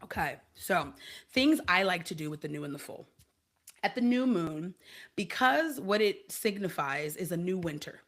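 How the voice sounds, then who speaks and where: A woman hosts a loose, spiritual livestream chat, reading out viewer comments and laughing freely between thoughts. Her voice sits a little low yet rings bright and forward, with a lively, conversational flow. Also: moderate pace. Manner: laughs often, reads and answers chat comments. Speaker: host.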